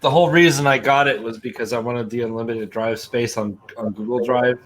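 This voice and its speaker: A man's voice: mid-range voice, fairly even intonation, fairly quick, a bit bright, slight background noise. A man on a livestream call, explaining things in a matter-of-fact way. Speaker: guest on a livestream. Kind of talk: casual call-in chat.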